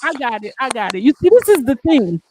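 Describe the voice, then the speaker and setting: A woman with a very high voice hosts a live stream, talking emphatically while tearful. A faint hiss sits behind her voice, with occasional clicks. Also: fast. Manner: emphatic, animated, swinging between crying and laughing. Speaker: host. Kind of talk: emotional live-stream chat.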